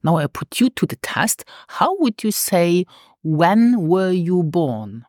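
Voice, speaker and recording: A woman teaching a language lesson, patiently repeating words slowly for pronunciation. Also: on the low side, sing-song, darkish tone, no echo, studio quality.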